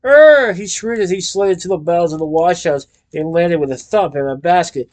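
A man narrating a children's storybook aloud in a lively, expressive way. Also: on the high side, fairly quick. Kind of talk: storybook reading.

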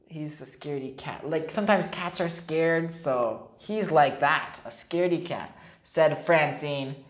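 A woman teacher reading a picture book aloud to young children and explaining the words as she goes. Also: slow pace. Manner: expressive, leaps up in pitch for character voices. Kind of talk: storybook read-aloud with explanations for kids. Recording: echoey room.

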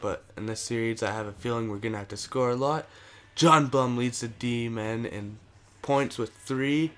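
A young man casually commentating a hockey management game, cheering and cursing at how it plays out. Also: medium pitch. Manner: excitable, cheers and curses at the game. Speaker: gaming commentator.

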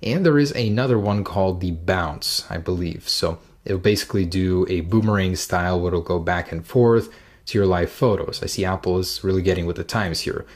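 A man with a fairly low voice talks through a demo in a casual, chatty way. He sounds upbeat and enthusiastic as he walks through each feature. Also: moderate pace. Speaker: tech reviewer.

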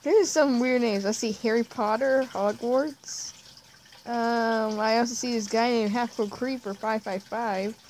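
A woman's voice: fairly high pitch, fairly even intonation, measured pace, darkish tone, a little hiss or hum, low-quality recording. A young woman giving chatty, self-mocking commentary while playing a video game. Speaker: gamer. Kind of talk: casual let's-play commentary.

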